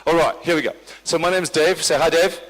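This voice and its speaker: A comedian serving as MC at a corporate party does live stand-up crowd work, teasing the audience with dry banter. His voice is on the high side, steady and fairly bright, and he talks fairly quickly. The large function hall gives the recording a long reverb.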